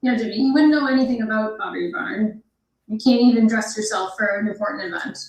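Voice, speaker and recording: A woman tears into someone during live reaction commentary, full of mockery and profanity. Her voice sits slightly high. The sound is echoey and roomy. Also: fast, darkish tone. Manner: mocking, profane, scornful. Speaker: commentary host.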